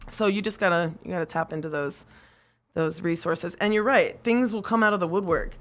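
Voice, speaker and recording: A woman with a somewhat low voice tells her story to podcast hosts. She is casual and animated, swears freely, laughs often, and acts out the voices of the people she talks about. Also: fairly quick. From United States. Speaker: podcast guest, machinist.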